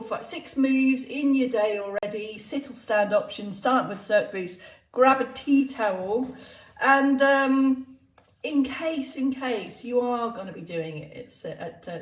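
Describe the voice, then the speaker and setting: A woman's voice: on the high side, measured pace. A woman exercise instructor chatting playfully on a live stream, laughing often. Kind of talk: live-streamed casual chat. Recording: roomy, distant sound.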